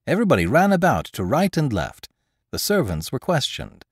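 A man narrating classic fiction as an audiobook, in measured storytelling. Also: medium pitch, wildly swooping pitch, slightly rough, dry recording, clean studio sound. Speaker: audiobook narrator and podcast host.

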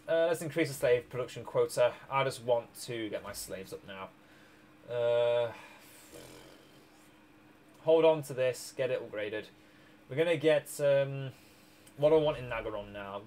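A tired man streams a strategy game, rambling about his moves with small chuckles and hiccups, often correcting himself and restarting. His medium-pitched voice is unhurried and darkish, with a bit of hiss or hum in the audio. It's casual gameplay commentary.

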